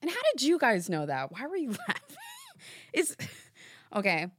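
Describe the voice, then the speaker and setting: A woman's voice: a little high, huge pitch swings, normal speed, slightly rough, no echo. A young woman hosting a podcast in a studio, chatting casually in a rambling, giggly, self-deprecating way. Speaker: podcast host. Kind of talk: casual chat.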